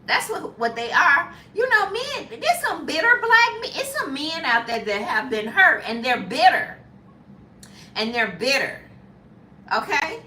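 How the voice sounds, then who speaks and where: Fifties woman vlogger, high lively voice, emphatic, laughing, echoey room, mic at a distance. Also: a little slow, slight background noise. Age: 50s. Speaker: lifestyle vlogger. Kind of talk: casual live chat.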